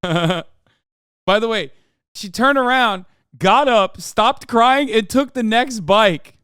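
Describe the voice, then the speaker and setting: Blunt, swearing male streamer, high clear voice. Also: takes it slowly, fairly bright tone, dry recording, studio quality. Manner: blunt, heavy swearing, incredulous. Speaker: streamer reacting to a clip. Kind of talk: casual live-stream commentary.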